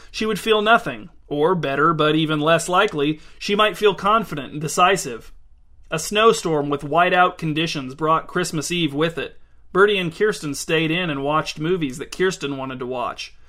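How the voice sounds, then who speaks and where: Male narrator for a storybook reading, bright, somewhat high voice.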